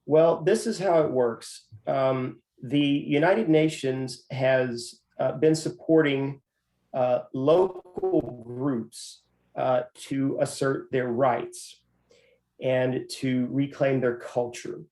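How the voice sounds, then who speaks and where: Measured professor in an echoey room. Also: male voice, mid-range voice, dark tone. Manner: measured, with many "uh" fillers. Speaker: professor and guest. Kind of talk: interview answers. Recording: roomy echo.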